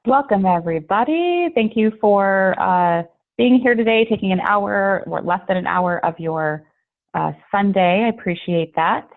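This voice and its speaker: A woman's voice: mid-range voice, expressive, unhurried, creaky. A woman giving a friendly, chatty online training talk over a video call, with many fillers. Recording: tinny phone-like call audio.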